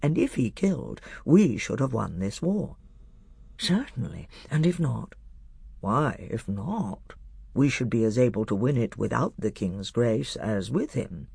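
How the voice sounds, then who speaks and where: A man's voice: mid-range voice, big pitch swings, a little slow, creaky, darkish tone, slightly rough, no echo, clean studio sound, full character voice. A man doing a sly, cautious lord. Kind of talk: audiobook character voice.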